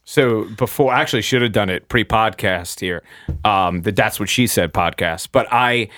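A man's voice: lowish voice, moderate pace, a bit bright, no room sound, studio quality. A young man who does sports play-by-play, chatting on a podcast in a rambling, self-deprecating way. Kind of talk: casual podcast chat.

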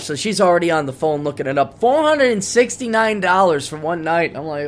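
Man, podcast host, rambling casual monologue, slightly high voice. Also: very animated, moderate pace, hardly any pauses. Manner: rambling storyteller with frequent restarts.

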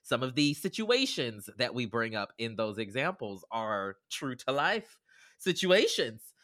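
A man who co-wrote a book, explaining it in a measured way as a podcast guest. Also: mid-range voice, very animated, fairly bright tone, dry recording, studio quality. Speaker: co-author guest. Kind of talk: casual podcast conversation.

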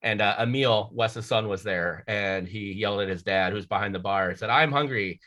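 A man's voice: lowish voice, normal speed, pushed and bright. A man in his thirties hosting a casual sports podcast, rambling through match recaps with frequent restarts and swearing. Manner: rambling, profane, self-correcting. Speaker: podcast host.

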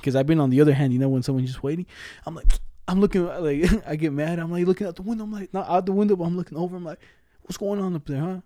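A young man cohosts a casual podcast, spinning slangy stories with frequent laughs. His voice is mellow and warm. The sound is dry and close. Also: a little high, racing, few pauses, dry recording. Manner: laid-back slangy storytelling, frequent laughs. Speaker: podcast co-host. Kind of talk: casual chat.

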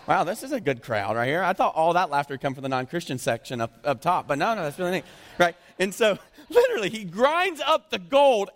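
Chatty pastor preaching in an echoey hall. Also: male voice, on the high side. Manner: conversational and jokey, keeps asking "right?". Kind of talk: sermon. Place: church sanctuary.

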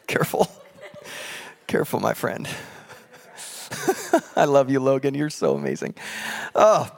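A man preaching a sermon in a church, animated and jokey, acting out voices from scripture. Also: medium pitch, slow pace, gravelly, long pauses. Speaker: pastor. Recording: long hall reverb.

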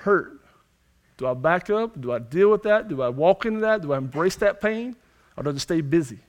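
A man's voice: fairly high pitch, expressive, a little fast, highs cut off. A young male pastor, preaching a sermon with emphatic, repeated phrases. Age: young adult.

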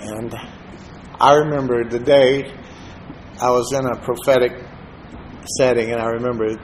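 A preacher, giving a sermon in a relaxed, conversational storytelling manner and dropping into soft-spoken asides. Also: male voice, medium pitch, measured pace, slight background noise, low-quality recording. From Texas, USA.

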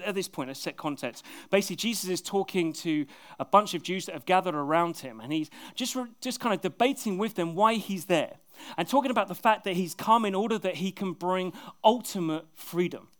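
A man preaching a sermon in a conversational, lively way and reading scripture aloud. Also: on the high side.

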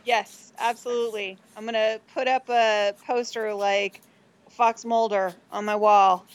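A woman's voice: medium pitch, little pitch movement, measured pace, clear, resonant tone. A woman co-hosting a casual sports podcast, enthusiastic and playful in her opinions. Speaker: podcast co-host.

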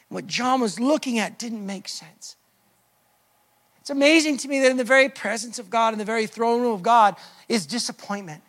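A man preaching a sermon, swinging from loud emphatic lines to hushed, almost whispered drops as he acts out the voices of hurting people. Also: very high-pitched. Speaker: pastor.

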